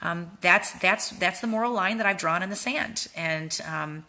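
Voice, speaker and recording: Bright-voiced woman coaching her sales team. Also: fairly low pitch, normal speed. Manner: earnest, repeats words, frequent "right?" tags. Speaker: network marketing team leader. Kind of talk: motivational training talk.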